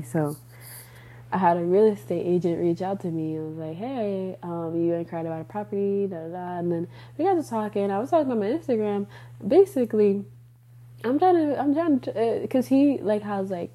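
Woman podcast host rambling about faith, mellow husky voice, laughs a lot. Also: medium pitch, a little fast. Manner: rambling, laughing, self-correcting. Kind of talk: casual faith talk.

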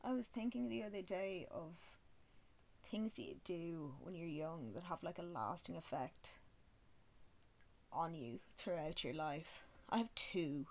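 Woman in her twenties, casual sweary storyteller with a slightly low voice. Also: measured pace. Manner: chatty, swears freely, self-mocking. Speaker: vlogger.

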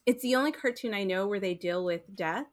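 A woman's voice: mid-range voice, brisk. Chatty woman, rambling with fillers. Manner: rambling, heavy use of "like" and "um". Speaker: podcast co-host. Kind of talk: casual chat.

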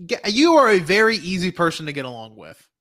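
A young man from Alabama with a Southern US accent, hosting a casual podcast chat, animated and swearing freely. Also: high voice, brisk. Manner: animated, swearing, laughing often. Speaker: podcast host.

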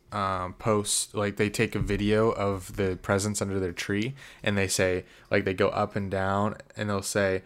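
An animated man with a lowish voice, chatting casually and reacting fast to a game he is watching. As a co-host, he breaks into quick play-by-play. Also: clear, resonant tone. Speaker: podcast co-host.

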